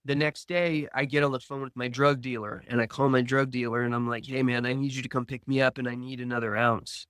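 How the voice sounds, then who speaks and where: Earnest man slowly telling a story. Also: mid-range voice, level tone, a bit bright, smooth, no echo. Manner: earnest, slow storytelling with reenacted dialogue. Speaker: podcast guest. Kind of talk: personal recovery story.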